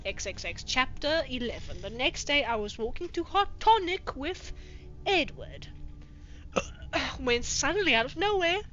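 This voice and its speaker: A woman with a high-pitched voice that swings widely, reading fanfiction aloud as a comedy bit. She mocks the story in a profane, exasperated way and keeps it sarcastic and sharp. The recording sounds slightly dull and lo-fi. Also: slight background noise. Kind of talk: comedic dramatic reading with commentary.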